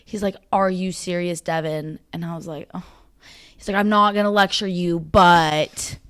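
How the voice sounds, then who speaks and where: A young woman co-hosting a podcast, telling a story in casual chat, laughing and at times dropping to a low mutter. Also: fairly even intonation, normal speed, smooth. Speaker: podcast co-host.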